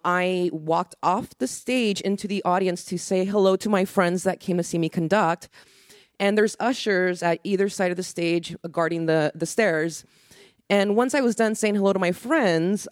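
Woman, middle-aged, from Mexico, conductor, panel talk, animated storytelling, lowish pitch, dry close sound. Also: dry recording. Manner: animated storyteller acting out quoted dialogue.

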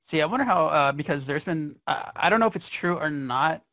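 A man co-hosting a podcast in casual chat, telling an anecdote with animated quoted lines. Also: a little high, fairly quick. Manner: animated storytelling, quoting others. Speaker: podcast co-host.

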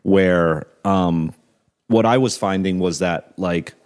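Man, very low voice, podcast host, easygoing chat, nods along and asks questions. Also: slow pace. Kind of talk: casual podcast conversation.

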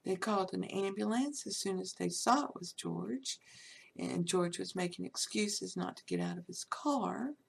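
A woman's voice: medium pitch, normal speed, gravelly, a little hiss or hum. A woman talking in an unscripted monologue, emphatic and rambling, full of "you know" fillers, with scolding outbursts.

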